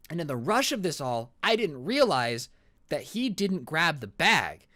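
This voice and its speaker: A young man in his twenties telling a storytime vlog in a casual, animated way with dramatic asides. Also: a little high, unhurried, no echo, clean studio sound. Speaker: YouTube storyteller.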